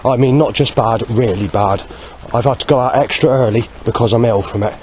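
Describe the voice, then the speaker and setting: A man talking through a rambling personal video diary, listing things one at a time with many pauses and "um"s. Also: mid-range voice, darkish tone, a little hiss or hum. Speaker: vlogger.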